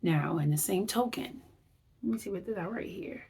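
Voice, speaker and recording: A woman's voice: medium pitch, expressive, moderate pace, creaky, a little mellow, husky. A woman wellness vlogger giving a chatty, rambling recap, acting out her reactions as she talks. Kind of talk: casual vlog recap.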